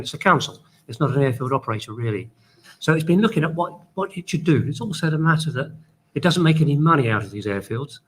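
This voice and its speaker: Male news presenter, husky, measured and explanatory. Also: fairly high pitch, low-quality recording. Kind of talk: casual news summary.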